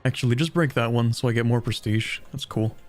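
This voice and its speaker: A young man with a southern Ontario accent talks his way through a strategy game on stream, easygoing and self-mocking as he answers chat. His pitch sits mid-range, and faint music plays underneath. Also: quick pace. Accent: Canadian (southern Ontario). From southern Ontario, Canada. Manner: chatty, self-deprecating, thinks aloud. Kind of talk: casual gameplay commentary, reading chat.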